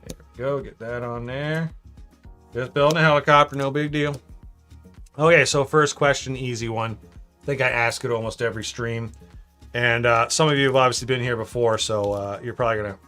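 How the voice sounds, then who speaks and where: A man's voice: mid-range voice, brisk. Man, live-stream host, casual rambling chat, reads out viewer comments, faint background music. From Canada, southern Ontario. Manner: relaxed and rambling, reads chat messages aloud between fillers. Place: home.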